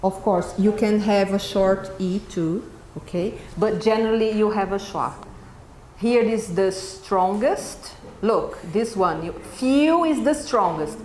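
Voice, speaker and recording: A woman's voice: medium pitch, slow pace, darkish tone. A Brazilian woman with a Brazilian Portuguese accent, a native Portuguese speaker, giving a live pronunciation workshop to teachers and checking in with "okay?" after each point. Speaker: teacher trainer presenting a workshop. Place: event room with an audience. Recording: echoey room with faint background noise.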